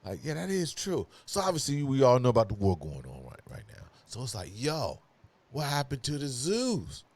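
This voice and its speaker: A man's voice: mid-range voice, huge pitch swings, moderate pace, a little mellow, no echo. A man hosting a casual podcast, talking loosely with lots of slang and laughter. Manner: loose, laughing, rambling slang-filled talk.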